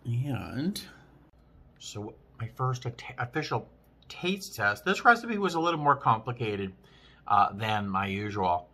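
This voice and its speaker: A man casually vlogging while eating, chatting with frequent restarts and pauses to chew. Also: mid-range voice, sing-song, pushed and bright. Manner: chatty, chewing between sentences; rambling with many restarts. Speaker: vlogger, flight attendant.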